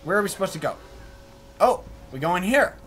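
A man's voice: sits high, big pitch swings, a little fast, a bit bright, faint music behind. A man giving joking, goofy commentary while playing a video game. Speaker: let's play host.

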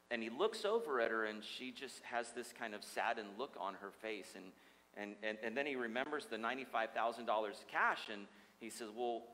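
Male pastor, playful storyteller, forceful voice, preaching from a reverberant church sanctuary. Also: on the low side, moderate pace. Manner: joking, storytelling, lively preacher. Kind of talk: sermon. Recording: long hall reverb.

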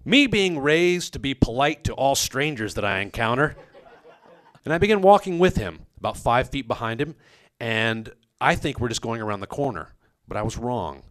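A man telling a comic personal story on a podcast, animated and self-mocking, with his voice leaping up on quoted lines. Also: mid-range voice, normal speed. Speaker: comedic storyteller.

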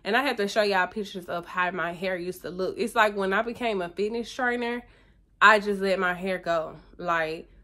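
A woman's voice: mid-range voice, normal speed, sharp tone. Chatty woman vlogging about her hair. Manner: chatty, emotional, talks straight to viewers. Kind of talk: casual chat to camera.

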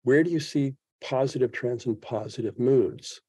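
A man's voice: mid-range voice, moderate pace, dark tone, slightly rough, no room sound. A man in his seventies, a podcast guest speaking reflectively in an interview and thinking aloud with frequent restarts. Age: 70s. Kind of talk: interview conversation.

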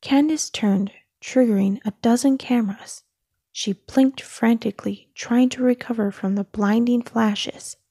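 A woman reading a children's story aloud in a soft, often whispered narration. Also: on the high side, steady tone, a little slow, slightly rough, no room sound, studio quality. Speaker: storybook reader.

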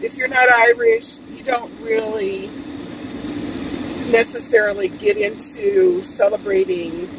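With a Hawaiian Pidgin-tinged accent, this woman from Hawaii wanders through casual stories while vlogging from her car, the air conditioning and traffic humming behind her. Her voice is a little high and creaky, swooping wildly in pitch at a slow pace, picked up by a distant mic.

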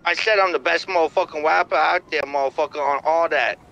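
A man in GTA roleplay with a high stoner drawl, cussing and calling everyone dude. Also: fairly quick, vocal fry, bright, forceful tone, lo-fi sound. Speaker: roleplay character on a phone call.

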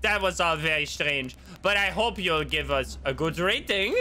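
A man's voice: very high-pitched, huge pitch swings, fairly quick, creaky, bright, forceful tone, faint music behind, voice pushed up, exaggerated voice. A man voicing a fussy, overly polite male hotel innkeeper in an annoying put-on accent. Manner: overly polite, apologetic customer-service tone.

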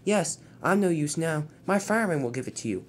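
An anxious toy express engine from a storybook, pleading in a high, strained voice that leaps up when he's frightened, as the reader puts him on. His pitch swings widely from phrase to phrase. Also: lively intonation, a little fast, slight background noise, lightly acted. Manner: pleading, breaks into high cries.

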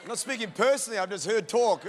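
High-voiced pastor in a reverberant hall. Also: male voice, lively intonation, quick pace, some chatter behind, a little hiss or hum. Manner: humorous storytelling, acts out dialogue. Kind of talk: sermon. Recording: long church hall reverb.

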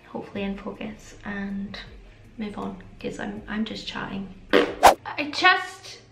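A woman's voice: mid-range voice, completely flat delivery, normal speed, gravelly, heavy background noise. A woman chatting casually through a makeup tutorial, rambling and self-aware. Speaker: beauty vlogger. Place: home makeup setup. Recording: echoey room with faint music.

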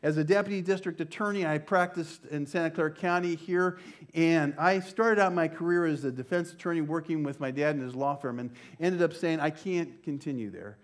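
An older man preaches a sermon to his congregation in church. His voice sits slightly high, and he slows down for emphasis and sometimes sinks to a near-whisper. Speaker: pastor.

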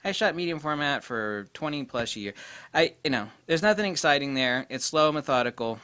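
A middle-aged man giving a casual spoken camera review, blunt and excitable, with mild swearing. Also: fairly high pitch, moderate pace, clean tone, no room sound.

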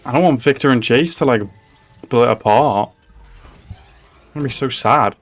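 A man's voice: medium pitch, moderate pace, soft background music. A man hosting a reaction video, talking casually and blurting out reactions, often swearing and laughing. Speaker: reaction channel host.

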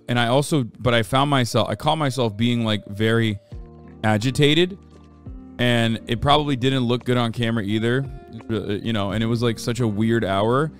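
A man in his thirties chatting casually as a streamer, answering viewer questions, cursing freely and swinging between low mumbling and loud rants while in pain from an injury. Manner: profane, ranting, shifts between low mumble and loud outbursts.

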